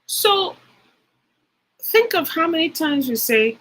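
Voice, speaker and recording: A woman's voice: extremely high pitch, very animated, slow pace, long pauses, a bit bright, rough recording. A woman giving a livestreamed spiritual teaching talk. She speaks emphatically, repeats phrases for stress and speaks directly to her live chat viewers.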